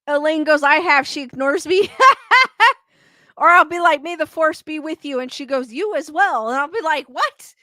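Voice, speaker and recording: A woman's voice: sits high, moderate pace, few pauses, bright, forceful tone, no echo. A woman hosting a livestream, chatting casually, reading viewer comments aloud and laughing often. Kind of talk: casual chat.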